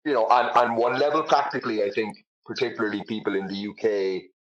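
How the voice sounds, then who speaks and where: Irish guy, low voice, rambly and self-deprecating, fillers everywhere, kinda lo-fi sound. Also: fairly even intonation, quick pace, a crowd in the background. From Ireland. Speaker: comedian guest. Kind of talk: casual interview chat.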